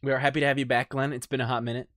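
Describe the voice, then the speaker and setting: A man's voice: mid-range voice, little pitch movement, very fast, fairly bright tone, no echo, clean studio sound. A man hosting a casual livestreamed gaming podcast, introducing guests in an upbeat way. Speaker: podcast host.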